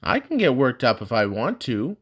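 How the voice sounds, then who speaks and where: A man voicing an easygoing young male student who stays calm. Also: mid-range voice, moderate pace, husky, pitched above the performer's own voice, full character voice.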